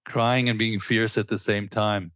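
Guy hosting a podcast, low voice, upbeat, dry close mic. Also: little pitch movement, a bit bright, clear, resonant tone, no echo. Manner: enthusiastic, affirming, quick asides. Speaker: podcast host. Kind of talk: conversational interview.

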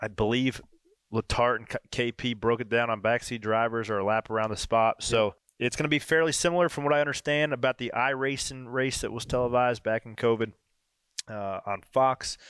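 A man hosting a podcast, chatting loosely and excitedly about racing. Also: medium pitch, moderate pace, clean tone, dry recording. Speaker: podcast host and race driver. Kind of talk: casual podcast banter.

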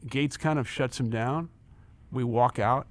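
A man in his sixties, once the head of a company, is a guest on an interview and tells a personal story with lots of energy. His voice is medium in pitch and a little slow. He acts out the dialogue and repeats words as he gets carried away.

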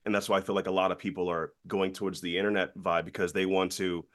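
A man's voice: sits low, fast talker. A young man talking as a guest on a podcast, chatting casually and telling stories with energy. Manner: lively storyteller who acts out quoted people. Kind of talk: casual interview chat.

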